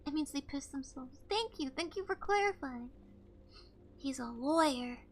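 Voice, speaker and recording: A woman streamer playing a game live, reading its text aloud and reacting with loud, startled outbursts and swearing. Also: sits high, animated, moderate pace.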